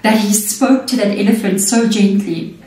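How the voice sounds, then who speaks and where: A woman's voice: medium pitch, normal speed, mellow. A woman giving a chatty tarot reading, often checking in with "okay" and "you know what I mean.". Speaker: tarot reader. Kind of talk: casual spiritual reading. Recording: echoey room, mic at a distance.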